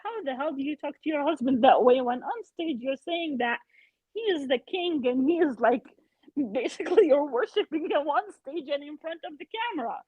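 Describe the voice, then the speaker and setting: Woman on a tinny call line, high voice. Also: normal speed, no echo. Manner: animated retelling, acts out quotes. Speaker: podcast guest. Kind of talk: casual storytelling chat. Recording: tinny phone-like remote call.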